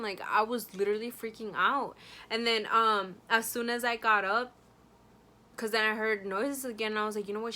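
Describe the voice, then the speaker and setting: A woman's voice: mid-range voice, pushed and bright. Chatty young woman telling a story. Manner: chatty, many fillers, addresses viewers directly. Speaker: vlogger. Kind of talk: casual storytelling to camera.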